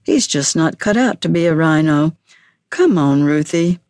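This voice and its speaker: A snorting, scornful rhino brother who laughs at softness, voiced by a woman reading a storybook. His lines come slow and dry. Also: deep voice, lively intonation, no room sound. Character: mocking male rhino brother.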